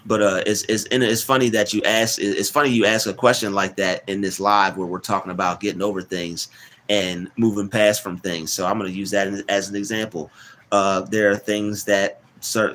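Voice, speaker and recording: A man hosting a casual live stream, rambling, repeating words and giving shout-outs to chat. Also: fairly low pitch, slight background noise.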